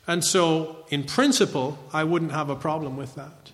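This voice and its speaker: A man's voice: on the high side, moderate pace, big-room sound. A man giving a conversational Bible teaching lecture, often checking in with a rhetorical "right?".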